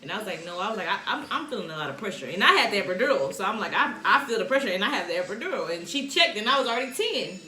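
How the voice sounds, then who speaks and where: A woman in a casual chat who talks in a lively way and laughs along. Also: mid-range voice, very fast, few pauses, roomy sound, slight background noise.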